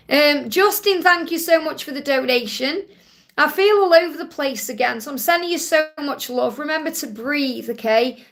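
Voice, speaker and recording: A woman with a Stoke-on-Trent accent answers viewers' questions on a live spiritual stream. Her voice sits high and has a gravelly rasp to it. She keeps a soothing, reassuring tone and often tags her points with "okay?". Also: a bit bright. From England.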